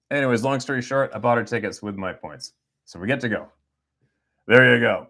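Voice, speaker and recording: A man's voice: medium pitch, fairly quick, vocal fry, fairly bright tone. A middle-aged man, talking off the cuff on a livestream, rambling and blunt and swearing freely. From Canada. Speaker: hunting guide and livestream host. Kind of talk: casual livestream chat.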